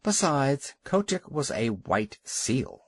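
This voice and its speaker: Male audiobook narrator, lively expressive reading, dry close studio sound. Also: medium pitch, takes it slowly, husky, no echo. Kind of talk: scripted storybook narration.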